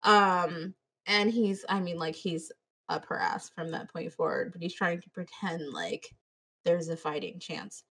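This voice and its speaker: A podcast host with a low-ish, husky, fairly bright voice speaks a little slowly while casually retelling a movie in a review chat. She swears plenty and quotes characters' voices.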